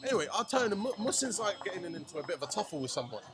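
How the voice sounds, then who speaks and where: A young man, telling a night-out story in casual podcast chat, animated, slangy and swearing. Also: high-pitched, rapid-fire. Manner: animated, swearing, slangy, acts out friends' lines. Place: shisha lounge. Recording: music playing behind.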